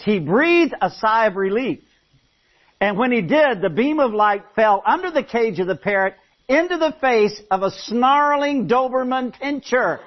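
A man's voice: sits high, normal speed. A man preaching a sermon to a congregation, telling stories with stammered restarts between lines. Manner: animated storytelling with stammered restarts. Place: church with congregation. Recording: dull lo-fi recording.

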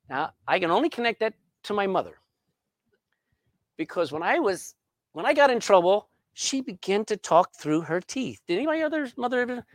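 A middle-aged man preaching a sermon, swinging between loud emphasis and hushed asides. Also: high voice, sing-song, a little fast, no echo, clean studio sound. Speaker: pastor. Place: church sanctuary.

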